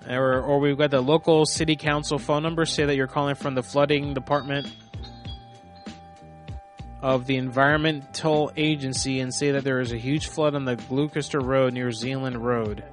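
A man's voice: medium pitch, steady tone, normal speed, faint music behind. A man hosting a live call-in prank show, talking in a rambling, off-hand way with some swearing. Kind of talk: casual live-stream talk.

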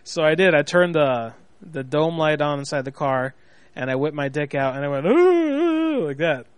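A man's voice: fairly high pitch, fairly even intonation, moderate pace, smooth, no echo. A man hosting a radio show, joking around and telling a teasing story. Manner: joking, storytelling, prank calling. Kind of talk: casual radio banter.

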